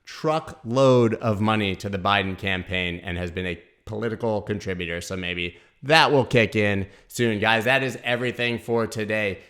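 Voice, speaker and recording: A man hosting a crypto news show, giving brisk, opinionated market commentary straight to his viewers. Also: lowish voice, fairly bright tone.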